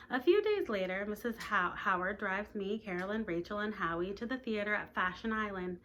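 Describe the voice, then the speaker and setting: A woman's voice: medium pitch, fairly quick, few pauses, pushed and bright, a little hiss or hum. A woman, a teacher, reading a novel aloud and breaking off for chatty asides to her listeners.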